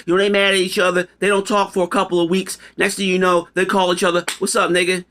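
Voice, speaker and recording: A man's voice: high-pitched, monotone, quick pace, a bit bright. A man delivering a rambling, profane opinion monologue to camera, emphatic and casual. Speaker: video commentator.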